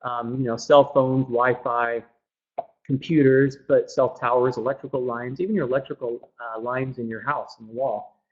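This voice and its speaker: A man's voice: medium pitch, steady tone, moderate pace, slightly rough. A man, a functional medicine practitioner, giving an earnest webinar presentation and often repeating words as he goes. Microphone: laptop microphone. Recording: dull lo-fi laptop audio.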